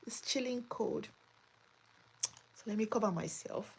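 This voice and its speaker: A woman's voice: mid-range voice, measured pace, vocal fry, a little hiss or hum. A woman hosting a live chat from home, answering viewer comments with emphatic, exclamatory talk that keeps repeating itself. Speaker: migration advice channel host. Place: home in Australia.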